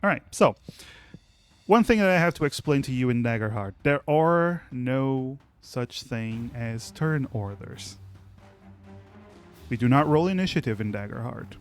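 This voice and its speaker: Chill guy running a tabletop game, mid pitch, faint music behind. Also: unhurried. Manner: relaxed, chatty, many fillers and restarts. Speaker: game master.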